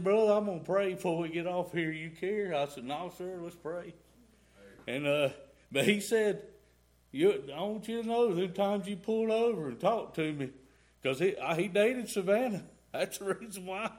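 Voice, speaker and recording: A middle-aged man giving a rambling, folksy testimony in a church. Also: high-pitched. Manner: rambling folksy storytelling, y'all and ain't. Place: church sanctuary.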